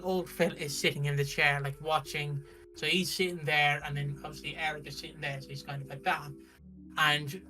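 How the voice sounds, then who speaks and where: A British man recapping a soap opera on a stream in a casual, animated way, with frequent restarts. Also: a little high. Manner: animated storytelling, acts out characters' lines, frequent restarts.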